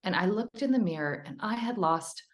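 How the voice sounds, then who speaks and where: A woman's voice: medium pitch, expressive, normal speed, reverberant. A woman author as a podcast guest, telling a personal story in an earnest, emotional, rambling way.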